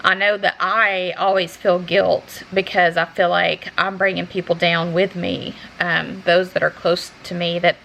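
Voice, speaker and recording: A woman vlogger talking in a halting, earnest way with many restarts, close to tears as she speaks to her viewers. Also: fairly low pitch, gravelly, bright, forceful tone, a little hiss or hum, low-quality recording. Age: adult. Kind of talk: unscripted personal talk to camera.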